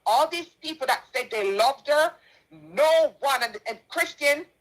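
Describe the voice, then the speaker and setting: Speaking a little slowly, this middle-aged Jamaican woman has a high-pitched voice with lively intonation. As a charity donor answering a dispute, she gives an impassioned, indignant personal statement and keeps repeating her points emphatically. The audio quality is poor.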